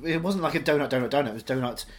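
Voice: mid-range voice, rapid-fire. A podcast co-host in casual comedy chat, rambling and joking, often restarting mid-thought.

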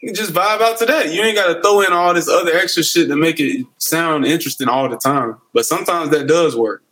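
A man's voice: on the high side, a little fast, pushed and bright, rough recording. A man in a casual chat, loose and slangy, laughing as he tells stories.

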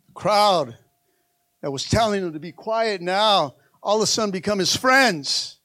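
High-voiced, rousing preacher man. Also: expressive, a little slow, a bit bright, no room sound. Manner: rousing, call-and-response, repeats lines for emphasis. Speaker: pastor. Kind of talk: sermon.

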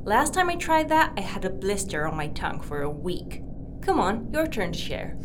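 A woman's voice: mid-range voice, very animated, moderate pace, natural voice. A young woman voicing a cheeky, worldly space traveler who knows many languages, talking in a teasing, playful, boastful way. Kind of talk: animated series dialogue. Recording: noisy background ambience.

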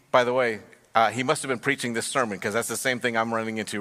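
Bright-voiced man preaching in a hall. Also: medium pitch, steady tone, fast talker. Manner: storytelling, rising to emphatic preaching. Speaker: pastor. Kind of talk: sermon. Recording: long hall reverb.

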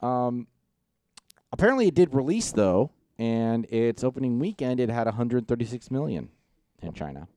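A man's voice: medium pitch, very animated, normal speed, dark tone, no echo. A man co-hosting a podcast in casual chat, rambling and hesitant as he explains things. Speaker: podcast co-host.

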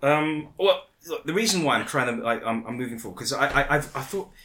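Lively bright-voiced man hosting. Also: mid-range voice, a little fast, a little hiss or hum. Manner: laughs often, jokey, stammers. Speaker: podcast host. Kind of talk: casual comedic chat.

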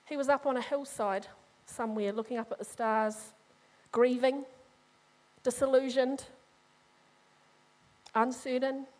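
Animated high-voiced woman preacher. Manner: animated, humorous, addresses the congregation. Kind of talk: sermon.

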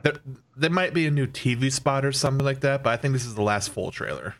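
A man's voice: mid-range voice, fast talker, a bit bright. A man co-hosting a podcast in casual chat, laid-back and fond of puns. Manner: laid-back, joking, punny. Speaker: podcast co-host.

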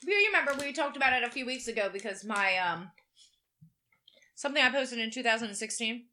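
A woman's voice: fairly high pitch, brisk, bright, forceful tone, slight background noise. A woman co-hosting a casual chat, reading gossip items aloud and adding blunt, frank remarks of her own. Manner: blunt, reads items then adds frank asides. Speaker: co-host.

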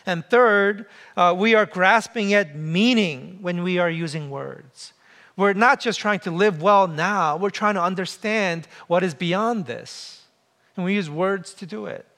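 A male pastor in his forties delivers a sermon like a conversation, asking questions and slipping in jokes. His voice sits fairly high for a man. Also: unhurried, bright, forceful tone. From came to the US as a child. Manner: conversational preaching with humor and rhetorical questions.

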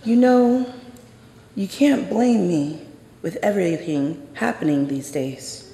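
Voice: mid-range voice, takes it slowly, vocal fry, mellow. A performer voicing a frightened woman police officer who pleads and justifies herself, heard in an echoey hall. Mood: defensive.

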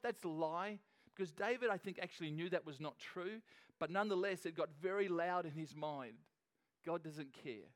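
Man, pastor, sermon, earnest conversational preaching, slightly higher voice. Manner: earnest, conversational preaching with repeated phrases and restarts.

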